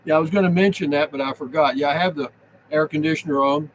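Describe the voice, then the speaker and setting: A man's voice: a little high, fast, slight background noise, low-quality recording. Folksy man hosting a livestream. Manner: folksy, greets viewers one by one, drawling southern-style howdys. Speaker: livestream host reading chat. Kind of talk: casual live chat.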